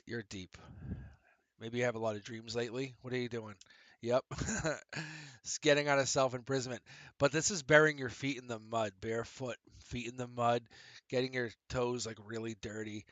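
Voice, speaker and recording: A man doing a live-streamed tarot reading, animated and profane, laughing often and acting out little quoted voices. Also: medium pitch, no room sound. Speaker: tarot reader.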